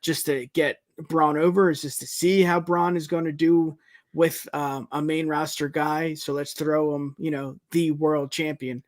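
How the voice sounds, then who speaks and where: Chatty higher-voiced man, dry close sound. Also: little pitch movement, unhurried, dry recording. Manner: chatty, leans on filler like "you know" and "it's just like". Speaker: podcast co-host. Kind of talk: casual wrestling chat.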